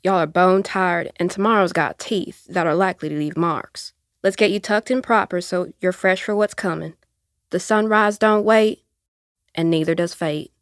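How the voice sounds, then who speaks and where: Actress as elderly Appalachian aunt, seer, tender slow drawl, dry close audio-drama sound. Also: female voice, on the low side, dry recording, natural voice. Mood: gentle.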